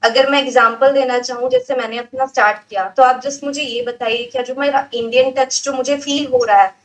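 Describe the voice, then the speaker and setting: A woman's voice: high voice, steady tone, very fast, rough recording. A woman with an Indian accent, a student asking questions in class in a chatty, self-correcting way. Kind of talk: class discussion.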